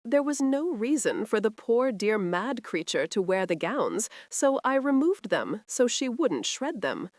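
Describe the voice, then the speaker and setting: A woman's voice: on the high side, big pitch swings, unhurried, hardly any pauses, no room sound, studio quality, voice pushed up. A woman voicing a brazen, sly young serving woman who speaks dismissively.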